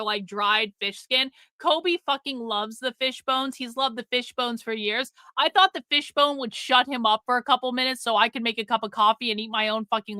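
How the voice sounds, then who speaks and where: A woman with a high, bright, tense voice hosts a live stream, talking casually to her viewers. She tells a rambling story full of swearing and swings between loud and quiet. The sound is dry and close, with no room around her. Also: dry recording. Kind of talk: casual chat to a live audience.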